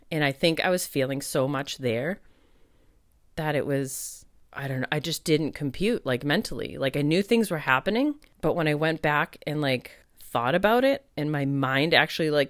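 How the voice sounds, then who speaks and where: A woman's voice: rumbling low, no room sound, clean studio sound. A woman who works as a spiritual medium, hosting a casual solo podcast and speaking candidly with lots of fillers, laughs and the odd swear. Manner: chatty and candid, heavy on "like", laughs and swears freely.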